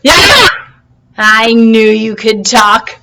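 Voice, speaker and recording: A woman's voice: fairly high pitch, huge pitch swings, takes it slowly, a bit bright, full character voice. A woman voicing a pushy, eager little male plankton shrimp in a storybook read-aloud, calling out insistent greetings. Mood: eager, loud.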